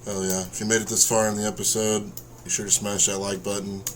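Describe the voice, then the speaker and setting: A man's voice: on the low side, flat delivery, fast, background noise. A young man co-hosting a casual late-night podcast, giving short reactions and closing the episode in an easygoing way. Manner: laid-back, brief reactions, casual sign-off. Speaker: podcast co-host.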